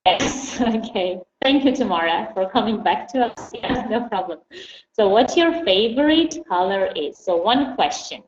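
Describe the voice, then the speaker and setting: A woman whose first language is Armenian, teaching an online English class and patiently repeating model phrases slowly. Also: mid-range voice, animated. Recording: roomy, dull lo-fi audio with faint hiss.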